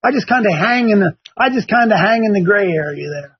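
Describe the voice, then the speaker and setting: A man's voice: high voice, animated, brisk, husky. An older man from Ohio hosting a religious talk show, emphatic and repeating his points for effect. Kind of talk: preachy talk-show commentary. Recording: dull lo-fi sound.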